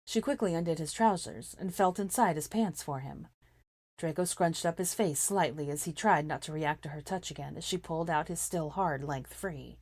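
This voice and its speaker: A woman reading fan fiction aloud as narrator, calm between dialogue. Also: low voice, moderate pace, no room sound. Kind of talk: audiobook narration.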